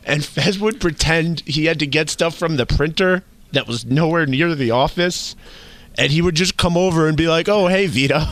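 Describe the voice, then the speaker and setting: On a radio show, a young man and former intern with a slightly high, somewhat bright voice tells rambling stories, recorded without room sound. His casual chat is halting, full of restarts, and punctuated by frequent laughter.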